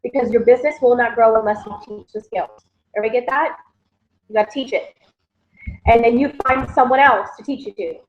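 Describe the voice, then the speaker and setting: A fairly high-voiced woman, rallying her team with quick, repetitive pep talk. The sound is dull and lo-fi, like a home livestream. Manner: energetic, repetitive, keeps addressing listeners as "guys". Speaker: network marketing team leader. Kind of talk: motivational livestream recap.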